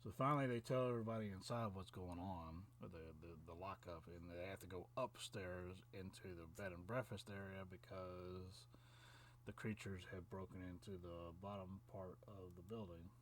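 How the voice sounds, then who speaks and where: A man recapping a film plot in loose, rambling chat, full of fillers, restarts and little chuckles. His voice sits a bit low for a man. He sounds like a casual online reviewer talking straight to his viewers. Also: normal speed, slight background noise.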